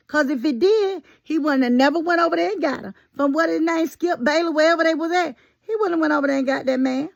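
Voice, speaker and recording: Woman ranting to her viewers, high voice, kinda gravelly, close and dry. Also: normal speed, no room sound. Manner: animated, folksy and sassy, talks straight at viewers. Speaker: commentary vlogger. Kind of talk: casual opinion commentary.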